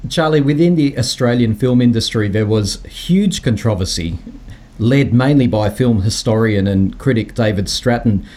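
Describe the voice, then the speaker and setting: Measured male interviewer. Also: medium pitch, darkish tone. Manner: measured, lays out background at length before asking. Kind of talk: interview questions.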